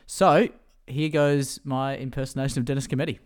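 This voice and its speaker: A man's voice: mid-range voice, steady tone, a little fast. A young man co-hosting a podcast, telling stories in a chatty way and laughing often. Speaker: podcast co-host. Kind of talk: casual podcast chat.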